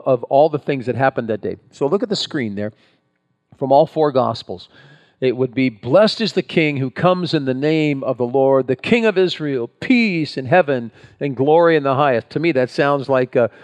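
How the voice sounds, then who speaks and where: A male pastor preaching a sermon, reading Scripture aloud and acting out the voices in it with lively pauses and rephrasing. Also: mid-range voice. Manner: animated preaching, acts out quoted voices, pausing and rephrasing.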